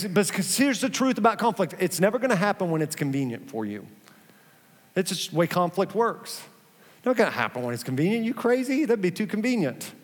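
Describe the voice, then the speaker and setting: High-voiced pastor preaching in a reverberant hall. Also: male voice. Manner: animated, conversational preaching with playful asides. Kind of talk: sermon.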